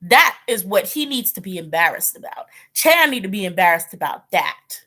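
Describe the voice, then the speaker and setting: A woman chats on a live stream in a rambling, casual way. Her pitch sits in a middle range for a woman. She fills her talk with fillers and soft laughs and slips into quoted voices to act out her reactions. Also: big pitch swings, moderate pace. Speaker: tarot reader hosting a live stream. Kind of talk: casual livestream chat.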